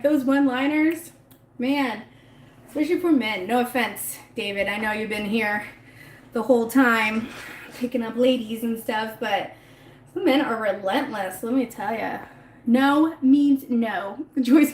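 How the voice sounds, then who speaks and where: In an echoey room, a woman with a voice on the high side talks into her phone during a casual livestream. She reads viewer comments and answers them in a chatty, rambling way, laughing often.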